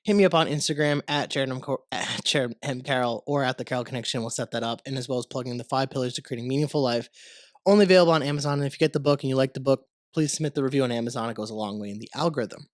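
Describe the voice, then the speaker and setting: An American man hosts his podcast, talking rapid-fire at medium pitch while congested from a cold. He rambles in a relaxed way and swears casually. The studio-quality recording has no room sound.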